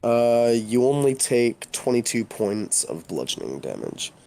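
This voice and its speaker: A man narrating as game master, describing scenes in a halting way with many fillers. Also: medium pitch, very animated, creaky, dark tone.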